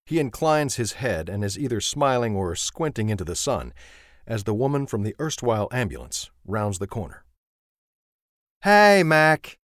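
Low, dry-voiced male audiobook narrator. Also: sing-song, moderate pace, no room sound. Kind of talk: first-person audiobook narration.

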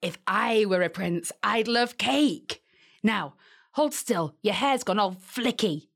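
An actress voicing a cheeky, bossy non-human sidekick in a fantasy audio drama. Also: female voice, mid-range voice, lively intonation, takes it slowly, creaky, exaggerated voice. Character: cheeky non-human female fairy helper.

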